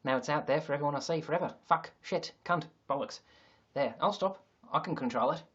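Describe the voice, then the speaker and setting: A man's voice: fairly high pitch, fairly quick, fairly bright tone, husky, dull audio. A man hosting a comedic livestream, rambling, joking and swearing freely. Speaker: livestream host. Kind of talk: casual comedic livestream chat.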